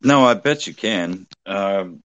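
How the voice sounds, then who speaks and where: Man, podcast guest, casual chat, blunt crude humor, lowish voice, muffled lo-fi sound. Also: animated, slow, no room sound.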